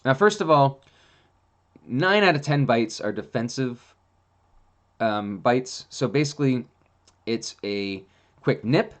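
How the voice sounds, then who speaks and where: A man hosting a casual monologue, telling rambling, animated stories with plenty of fillers. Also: mid-range voice, takes it slowly, pauses often. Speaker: host.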